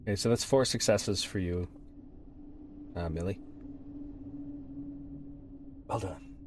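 Low-voiced man running the game. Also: slow, noisy background. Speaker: game master. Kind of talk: tabletop game narration.

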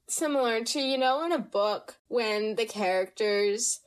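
Podcast host, woman, slightly high voice, unhurried, dramatic casual storytime chat. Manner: chatty, dramatic, laughs often.

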